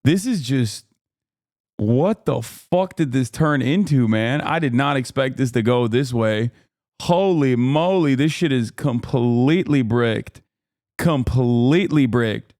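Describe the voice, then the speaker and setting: A man's voice: mid-range voice, animated, takes it slowly, a little mellow, dry recording, clean studio sound. Profane, incredulous male streamer. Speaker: streamer reacting to a debate clip. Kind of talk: casual live-stream commentary.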